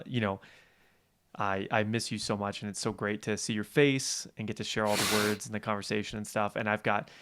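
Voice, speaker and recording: A man's voice: fairly low pitch, fairly bright tone, a little hiss or hum. A man hosting a podcast over a video call, enthusiastic and effusive, talking casually and now and then swearing. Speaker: podcast host. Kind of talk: casual interview chat.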